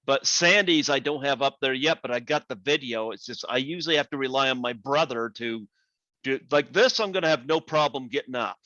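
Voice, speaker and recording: A man's voice: medium pitch, fairly quick, sharp tone, dull audio. A man from Canada hosting an interview show, chatty and self-deprecating. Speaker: podcast host. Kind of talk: casual interview chat.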